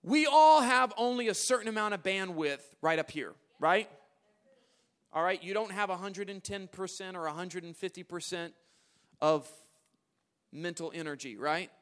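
A preacher delivering a sermon shifts from quiet, low asides to loud, emphatic declarations, frequently repeating and restarting his phrases.

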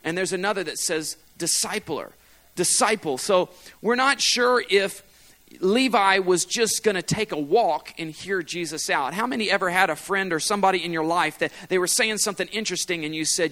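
A man preaching a sermon to his congregation in a relaxed, conversational way, often asking them for responses. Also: high-pitched, brisk. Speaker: pastor.

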